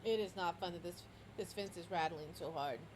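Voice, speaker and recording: A woman running a tabletop game as game master, narrating in a lively way with frequent restarts. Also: fairly low pitch, normal speed, slight background noise, poor audio.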